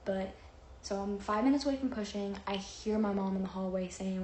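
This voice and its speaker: A woman's voice: mid-range voice, a little fast, darkish tone. A young woman telling a long personal story in a chatty, rambling way, with lots of fillers and acted-out quotes. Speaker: vlogger. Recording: roomy echo, faint noise.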